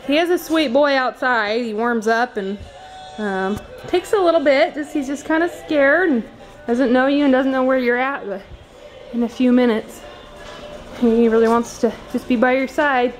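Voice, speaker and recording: A woman's voice: high voice, moderate pace, faint music behind, low-quality recording. A woman volunteering at an animal shelter, filming the dogs and talking to them in cooing baby-talk. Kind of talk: casual vlog, talking to dogs. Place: indoor animal shelter kennels.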